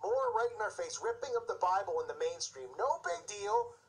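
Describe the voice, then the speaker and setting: A man's voice: sits high, animated, brisk, poor audio. A man hosting his own show, delivering an impassioned, indignant religious commentary with mocking asides. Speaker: show host.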